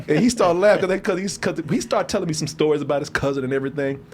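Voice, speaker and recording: A man's voice: a little high, brisk, a little hiss or hum. A man hosting a show who tells a story in a casual chat, laughing often and acting out the quotes. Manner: animated, laughing, acts out quotes. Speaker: show host.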